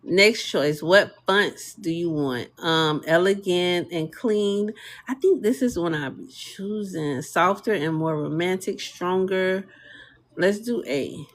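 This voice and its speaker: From her home desk, a woman live-streams a casual tutorial demonstrating a design tool. She speaks slowly in a lowish voice, chats with viewers, reads their comments aloud, and fills her talk with easy fillers and laughter.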